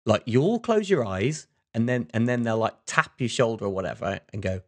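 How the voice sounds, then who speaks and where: A man's voice: mid-range voice, expressive, brisk, hardly any pauses. A man co-hosting a casual podcast chat, telling a long story with frequent restarts and fillers. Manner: rambling storyteller, many restarts and "like"s. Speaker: podcast co-host.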